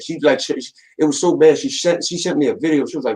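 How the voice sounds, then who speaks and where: A man hosting a casual chat, talking in animated street slang with lots of repeats. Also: a little high, rapid-fire, low-quality recording. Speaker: host. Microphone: desk mic.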